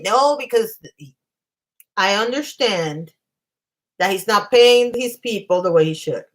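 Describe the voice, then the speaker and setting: A woman's voice: a little high, a bit bright. A woman hosting a casual livestream, talking in a chatty, emphatic way and reacting to her live chat. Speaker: livestream host.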